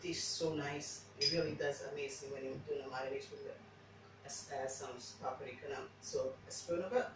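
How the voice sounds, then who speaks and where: A home cook whose first language isn't English speaks in a rumbling low, steady voice, a little fast, recorded from a distance in her home kitchen with heavy echo and a noisy background. She chats casually through a cooking demo, rambling and restarting often.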